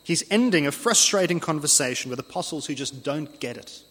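A man preaching an earnest expository sermon, slowing down to read scripture aloud. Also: fairly high pitch, expressive, fairly bright tone. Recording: long hall reverb.

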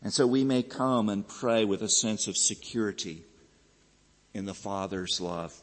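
A man's voice: fairly low pitch, fairly even intonation, measured pace. A man preaching a sermon, earnest and building to fervent emphasis, often repeating words as he presses a point. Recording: long hall reverb.

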